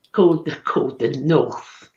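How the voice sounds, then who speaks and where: A woman's voice: low-pitched, animated, slow pace, a little mellow. A woman co-hosting a casual live chat show, chatty and teasing, laughing often. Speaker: co-host. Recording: echoey room, dull lo-fi stream audio.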